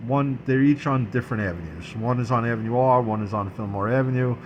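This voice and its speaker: A man talks at an ordinary, middle pitch. He wanders through an everyday story, circling back and cursing casually. A faint room ambience sits behind his voice. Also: quick pace, dull audio, a little hiss or hum. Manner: rambling, repeats himself, swears freely, laughs through the telling. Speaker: vlogger. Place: dining room at home.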